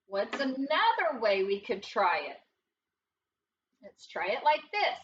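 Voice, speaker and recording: A woman teaching a phonics lesson, patient and deliberate, repeating words aloud and asking the students questions. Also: on the high side, animated, fairly bright tone, distant mic, muffled recording. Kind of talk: slow, deliberate classroom instruction.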